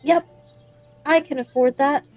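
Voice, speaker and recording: A woman's voice: high voice, fairly even intonation, unhurried, darkish tone, faint music behind. A woman playing her character in a tabletop game, speaking hesitantly and politely. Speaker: player.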